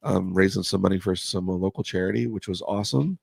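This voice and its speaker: A man's voice: low-pitched, fast talker, gravelly, darkish tone, husky, dry recording. A man co-hosting a casual car show chat, rambling with many restarts and losing his voice. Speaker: co-host, custom car builder.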